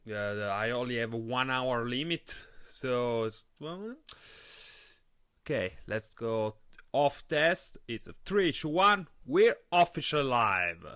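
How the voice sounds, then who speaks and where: A young man hosting a live solo podcast, talking in an excitable way and often stumbling over and repeating his words. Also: mid-range voice, slow pace, clear, resonant tone. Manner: animated, excitable. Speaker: podcast host.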